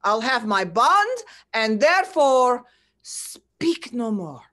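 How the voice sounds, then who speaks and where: A woman reading the part of a bitter male moneylender in an unrehearsed play reading, insistent, with sudden jumps in pitch. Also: sing-song, takes it slowly, fairly bright tone, exaggerated voice.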